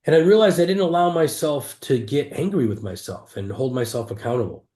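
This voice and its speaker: A man's voice: mid-range voice, lively intonation, fairly quick, warm tone. A man, an entrepreneur guest, candidly retelling a hard stretch of his life in an interview, earnest and emphatic with frequent restarts. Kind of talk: candid personal storytelling in an interview. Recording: roomy echo.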